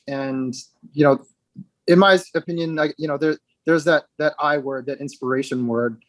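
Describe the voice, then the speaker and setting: A man speaking as an interview guest, reflective and halting, with frequent restarts and fillers. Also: on the high side, no echo. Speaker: guest, actor with dwarfism.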